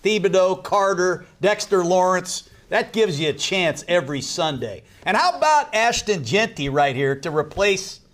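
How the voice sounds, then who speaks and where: A man offers broadcast football analysis in a confident, opinionated manner. His voice sits quite high for a man. He delivers each point like a firm prediction. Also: sing-song, normal speed, hardly any pauses, fairly bright tone. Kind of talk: broadcast sports commentary.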